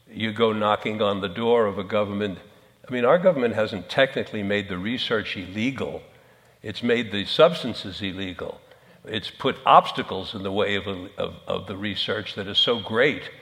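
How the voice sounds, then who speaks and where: A man speaking on a conference panel, halting and repeating words as he thinks. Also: fairly low pitch, fairly bright tone. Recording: long hall reverb.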